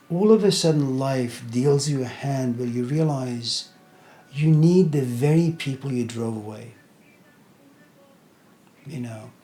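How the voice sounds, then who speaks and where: Middle-aged guy lecturing, chatty and loose, lots of "you know", average pitch. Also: a little mellow. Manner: conversational, many fillers like "you know". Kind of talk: informal lecture, retelling a story.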